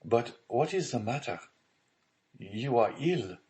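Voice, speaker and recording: A man's voice: mid-range voice, animated, slow pace, darkish tone, pitched above the performer's own voice. A man reading as an earnest young prisoner. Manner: earnest, pleading. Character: earnest young male prisoner, honest and eager.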